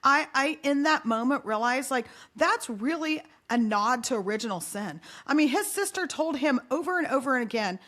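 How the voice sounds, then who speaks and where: A middle-aged woman, a podcast guest, telling a family story in lively, animated fashion and acting out the quotes. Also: high voice, normal speed, hardly any pauses. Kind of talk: casual storytelling interview.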